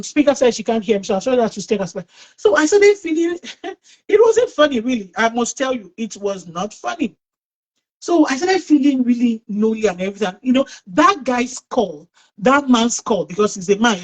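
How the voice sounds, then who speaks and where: A middle-aged woman hosts an online talk, speaking in a slightly high, lively voice. She tells a personal story in an outgoing way and often restarts her sentences. She is heard over a video call. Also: low-quality recording. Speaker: host.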